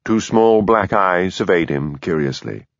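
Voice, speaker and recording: Low-voiced narrator, dry sound. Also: male voice, expressive, a little slow, no echo, muffled recording. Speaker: audiobook narrator. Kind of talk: scripted narration.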